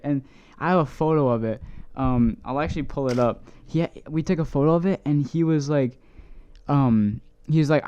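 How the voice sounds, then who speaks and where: A man's voice: fairly high pitch, normal speed, mellow, clear, resonant tone, highs cut off. Young man telling a rambling story. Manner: rambling, many "like"s, swears casually. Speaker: podcast co-host. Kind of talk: casual storytelling chat.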